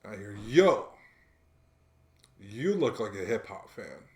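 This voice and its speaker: A man's voice: on the low side, moderate pace, echoey room. A young man co-hosting a podcast, telling stories in casual slangy talk and acting out what people said. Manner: animated storyteller, slangy, acts out quotes. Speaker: podcast co-host. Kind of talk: casual chat, storytelling.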